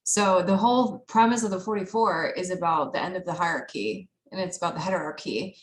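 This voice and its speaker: A woman's voice: fairly low pitch, brisk, roomy sound, poor audio. A woman chatting casually on a group call, rambling with many fillers and laughing easily. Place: online group video call.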